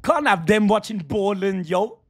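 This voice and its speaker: Husky high-voiced streamer guy. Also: lively intonation, a little slow. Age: adult father. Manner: laid-back slangy banter, greets chatters. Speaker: streamer chatting with viewers. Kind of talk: casual livestream chat.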